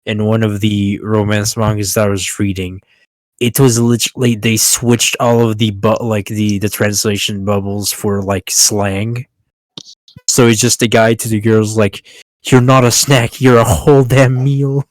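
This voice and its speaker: A man's voice: fairly low pitch, flat delivery, a little slow, no room sound. A man chatting casually with friends during a tabletop game, talking in a loose, chatty way and laughing between lines.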